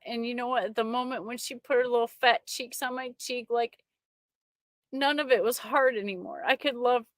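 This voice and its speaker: A middle-aged woman sharing a personal faith testimony with an online audience, emotional and halting, often restarting her sentences. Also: on the high side, no room sound, studio quality.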